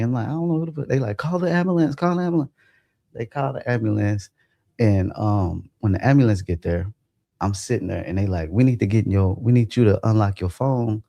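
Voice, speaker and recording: A gravelly-voiced livestream host casually recounts a wild dream, with no echo on the recording. He's animated and profane, and his voice jumps high whenever he quotes himself.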